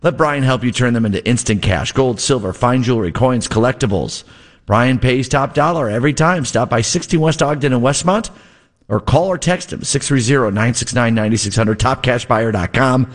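A man's voice: medium pitch, moderate pace. Joking radio host man. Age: 40s. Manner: jokey, playful, reads ad copy loosely. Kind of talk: live radio call-in talk. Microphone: studio microphone.

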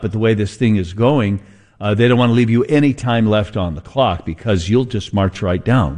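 A man's voice: lowish voice, normal speed, a little mellow. A man hosting a sports talk show, rambling and thinking aloud as he chats about games. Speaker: sports radio host.

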